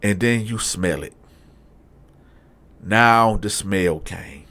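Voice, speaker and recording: A middle-aged man casually telling a story, swinging between loud acted-out voices and low hushed asides. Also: very slow. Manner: animated, acts out other inmates in loud raised voices. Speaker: storyteller, channel host.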